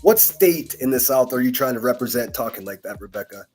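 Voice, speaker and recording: A man delivers angry reaction commentary in a scornful, profane rant. His pitch sits in an ordinary middle range. Faint music plays underneath. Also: animated, brisk, a little mellow. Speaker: commentary channel host.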